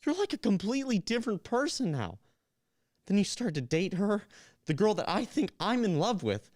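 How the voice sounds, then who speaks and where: A young man's voice, jittery and flustered, rising and falling widely in pitch, as an actor reads the part. He plays a lovesick gamer who is resentful toward his friend. It comes from a live reading of a new play. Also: big pitch swings, normal speed, darkish tone. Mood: bitter. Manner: nervous, flustered, turning bitter and accusing.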